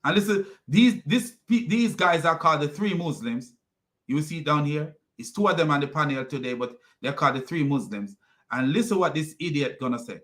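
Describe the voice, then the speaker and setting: A man's voice: a little high, a little fast, fairly bright tone. A man hosting a commentary video, ranting and mocking as he reacts to clips. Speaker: commentary host.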